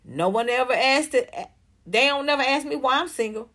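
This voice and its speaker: A woman's voice: on the high side, animated, normal speed, a bit bright. A woman hosting a livestream in a casual commentary style. She reads viewer comments aloud and answers them bluntly and emphatically, with plenty of profanity. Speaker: livestream host reading chat comments.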